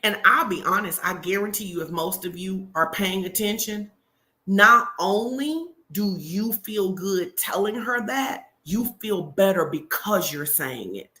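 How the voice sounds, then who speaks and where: A woman hosting a live stream, giving a motivational talk with energetic, emphatic encouragement. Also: medium pitch, a little slow.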